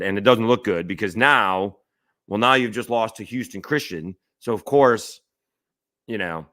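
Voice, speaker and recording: Deep-voiced male sports talk host, opinionated, musing over stats mid-sentence, lots of uhs and restarts. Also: fairly bright tone, dry recording, studio quality. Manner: thinking aloud, checking stats mid-sentence, many fillers and restarts; opinionated, rhetorical questions. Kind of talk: solo sports talk commentary.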